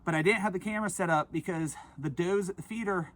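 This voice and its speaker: A man recording a hunting vlog outdoors from a blind, talking in an excited, breathless way and often repeating himself. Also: high voice, quick pace. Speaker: hunting vlogger.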